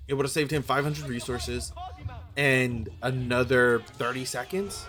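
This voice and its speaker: A man casting a strategy game with a medium-pitched, hoarse voice, talking through the match in an opinionated way and often stopping to correct himself. Game music plays clearly behind him. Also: a little slow, fairly bright tone. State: losing his voice. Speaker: game caster. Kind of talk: play-by-play strategy game commentary.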